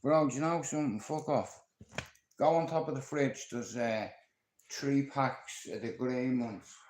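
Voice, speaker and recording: A man's voice: medium pitch, unhurried, darkish tone, echoey room, slight background noise, low-quality recording. A man from Ireland with a Dublin accent, talking on a livestream in a rambling, profane, confrontational way as he tells stories from his life. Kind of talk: rambling live-stream monologue.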